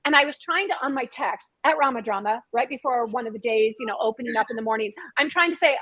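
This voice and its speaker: Husky, higher-voiced chatty woman. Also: fast, few pauses, no room sound, low-quality recording. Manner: animated and chatty, repeats words as she talks. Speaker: guest author and screenwriter. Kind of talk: casual interview chat.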